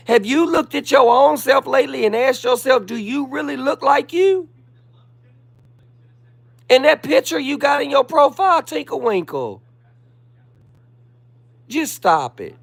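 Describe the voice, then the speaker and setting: A man's voice: very high-pitched, gravelly. A man hosting a live stream, sassily and theatrically roasting a commenter in mock-pleading asides. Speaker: livestreamer.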